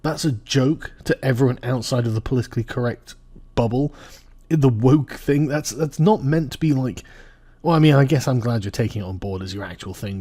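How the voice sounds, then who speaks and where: A man's voice: medium pitch, dark tone, breathy edge. A man giving casual political commentary, profane and sarcastic, often laughing. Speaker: commentary vlogger. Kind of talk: casual political commentary reacting to clips and articles.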